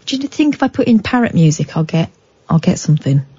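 A woman hosts late-night talk radio in a chatty, wry way, reading news items with mock-dramatic emphasis. Her voice is low and mellow. The broadcast sounds slightly dull, with faint music underneath. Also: big pitch swings, fast talker, breathy edge, no room sound. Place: radio studio. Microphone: studio microphone.

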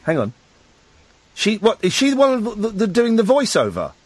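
Excitable jokey radio host guy, bouncy lively voice, dry close studio mic. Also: high voice, moderate pace, breathy edge, no echo. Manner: excitable, jokey, laughs often. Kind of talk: late-night radio phone-in chat. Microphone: studio microphone.

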